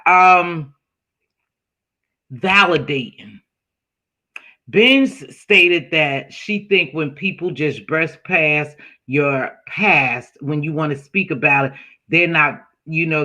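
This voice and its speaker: A man's voice: a little high, pushed and bright. A man hosting a casual online panel chat over a video call, reflective and speaking straight to his viewers. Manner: reflective, addresses viewers directly. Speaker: host.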